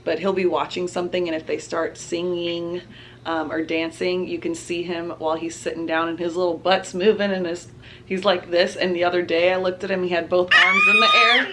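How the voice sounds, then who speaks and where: A woman's voice: fairly low pitch, big pitch swings, brisk, bright, forceful tone, a little hiss or hum. A young woman, chatting casually to camera as a mom vlogger and laughing often.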